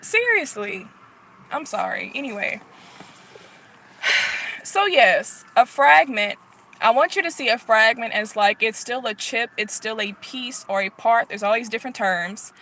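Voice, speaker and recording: A woman vlogging as a Christian prophetess, teaching in a relaxed, conversational way with frequent sighs and fillers. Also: fairly high pitch, measured pace. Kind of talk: casual spontaneous vlog teaching.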